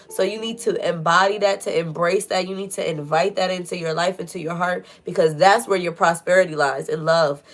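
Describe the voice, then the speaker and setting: A woman's voice: lowish voice, fairly even intonation, a little fast, hardly any pauses, faint music behind. A woman giving a casual spiritual tarot reading, earnest and preachy, repeating phrases for emphasis. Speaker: tarot reader.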